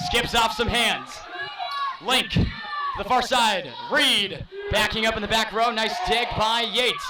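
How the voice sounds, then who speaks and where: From a booth in a school gym, a high-voiced man calls a volleyball game play by play, rapid and raised, even as he's losing his voice. The live sports commentary comes through a distant mic, buried in loud crowd noise and cheering.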